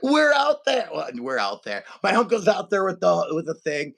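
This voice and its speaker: Gravelly-voiced man telling a wild story. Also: sits high, normal speed. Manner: animated storyteller, acts out family members' voices. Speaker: podcast co-host. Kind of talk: casual storytelling chat.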